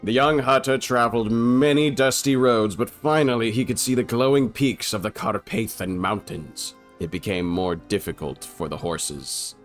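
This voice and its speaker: A man's voice: medium pitch, moderate pace, hardly any pauses, soft background music. A young man riffing comedically over an old film, loose and irreverent. He swears freely and laughs at his own jokes in a casual, unscripted way. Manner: irreverent, profane, laughing often. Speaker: film commentator.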